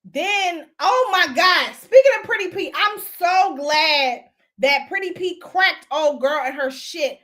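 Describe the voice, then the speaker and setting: A woman's voice: extremely high pitch, lively intonation, slow, pushed and bright. A woman hosting a casual live stream, gossiping bluntly and profanely while she greets and answers viewers. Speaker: host.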